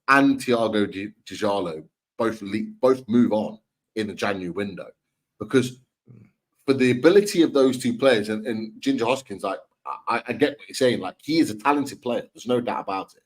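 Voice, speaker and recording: A man co-hosting a casual football podcast, rambling and repeating himself as he talks through players. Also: medium pitch. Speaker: podcast co-host. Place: home, remote live stream. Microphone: video call mic.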